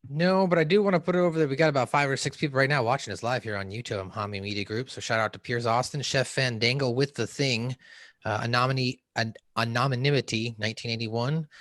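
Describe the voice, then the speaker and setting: Excitable guest who keeps interjecting. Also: male voice, medium pitch, quick pace, dry recording. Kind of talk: casual chat.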